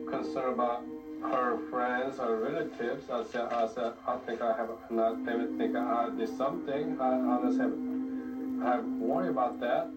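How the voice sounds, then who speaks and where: A man answering police questions in a recorded interview, halting and restarting his words. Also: mid-range voice, steady tone, muffled recording. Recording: echoey room, distant mic, music underneath.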